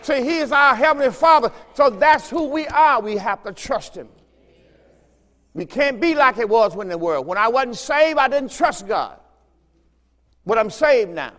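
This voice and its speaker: Fervent high-voiced preacher in a hall. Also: male voice, a bit bright. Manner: fervent preaching, repeats phrases, exhorts listeners. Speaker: pastor. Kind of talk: sermon. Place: church sanctuary.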